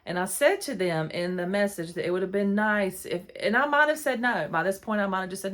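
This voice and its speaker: A woman's voice: medium pitch, animated, fairly quick, hardly any pauses. A middle-aged woman, hosting a podcast and telling a rambling, exasperated story into her phone. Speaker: podcast host. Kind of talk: casual storytelling monologue.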